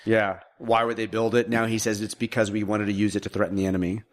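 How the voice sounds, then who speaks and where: A man co-hosting a podcast, chatting casually about a movie in an animated way and often repeating words as he starts a thought. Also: fairly low pitch, quick pace. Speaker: podcast co-host.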